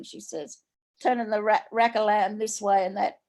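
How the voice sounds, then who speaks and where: A woman from Australia with an Australian accent, an author reading her own short story aloud in slangy, unhurried storytelling. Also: medium pitch, level tone, darkish tone.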